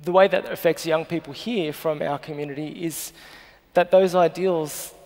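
Long hall reverb surrounds this Australian man in his thirties, a journalist guest in a live stage interview at a festival. He speaks earnestly and emotionally at a normal speed, his slightly high, slightly mellow voice holding a fairly even intonation.

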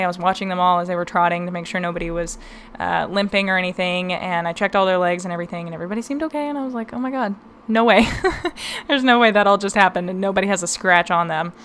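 A woman's voice: fairly low pitch, fairly bright tone, a little hiss or hum. A young woman hosting a podcast, telling a story in a casual, chatty way, laughing often and filling her talk with "um" and "like". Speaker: podcast host.

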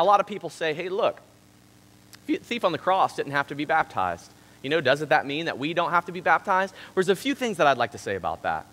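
A man's voice: high voice, bright, forceful tone. A man preaching a sermon in a church, emphatic and rising and falling for stress. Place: church sanctuary. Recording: long church hall reverb.

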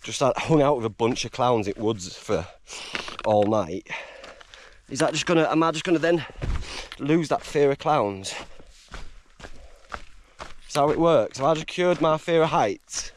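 A man's voice: medium pitch, a little hiss or hum. Emotional English man on a mountain. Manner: emotional, rambling, laughs often. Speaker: hiker vlogger. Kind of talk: casual vlog talk. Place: outdoors on a high mountain trail.

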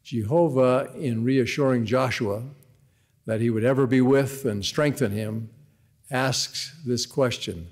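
A man preaches a devotional address in an earnest, measured way, often reading scripture aloud. His voice sits at an ordinary pitch. A long reverb from the large arena trails behind his words. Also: a little mellow. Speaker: devotional speaker. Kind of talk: devotional sermon.

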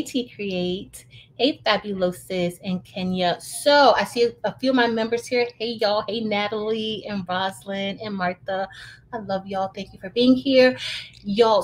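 A chatty woman hosts a casual crafting livestream. She talks straight into her phone in an easygoing, friendly chatter, greeting viewers by name. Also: medium pitch.

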